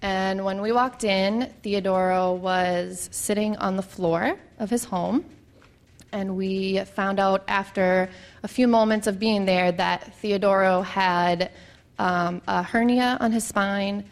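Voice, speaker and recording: A woman in her thirties gives a personal testimony in an earnest, reflective tone. She speaks in a middle register and pauses often on filler sounds as she gathers her thoughts. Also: medium pitch. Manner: earnest and reflective, with frequent ums. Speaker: church mission trip member.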